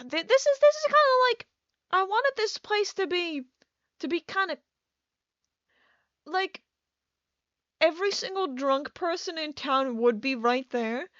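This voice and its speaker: A woman's voice: sits high, pushed and bright, dry recording, dull audio. A woman doing a casual voice-over for her building video, rambling and scattered, with many restarts and bursts of laughter. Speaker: video creator.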